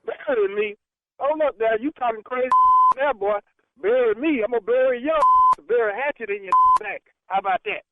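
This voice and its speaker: High-pitched guy on a dull noisy phone line, laughing and mocking. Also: moderate pace, dry recording. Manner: scoffing, mocking, laughs between words. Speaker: prank call target.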